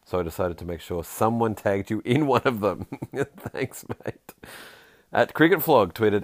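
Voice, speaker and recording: A man hosting a podcast in a casual, jokey way, reading listener tweets aloud with quick asides. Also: lowish voice, no echo, clean studio sound. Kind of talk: casual chat.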